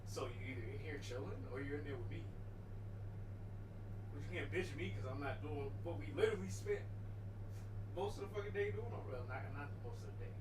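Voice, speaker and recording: A man's voice: on the high side, noisy background. A man livestreaming and chatting casually, rambling and swearing as he talks to his cat, often cutting himself off and restarting. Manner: frequent self-interruptions and restarts. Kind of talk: casual stream chat.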